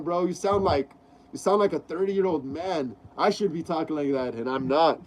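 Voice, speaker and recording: A young man casually hosting a live stream, reading chat messages aloud and stumbling over names. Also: high-pitched. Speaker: livestream host.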